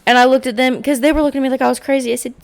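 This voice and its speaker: A woman's voice: sits high, fairly even intonation, vocal fry, a little hiss or hum. A woman co-hosting a comedy podcast, joking crudely and playfully in casual chat. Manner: playful, crude, quick to joke. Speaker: podcast co-host.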